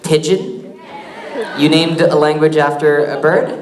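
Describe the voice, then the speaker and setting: A man answering audience questions on a convention panel, joking and teasing himself in a quick, easygoing way. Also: on the high side, steady tone. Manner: joking, self-mocking, quick. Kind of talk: casual Q&A on stage. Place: convention hall stage. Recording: echoey hall with crowd.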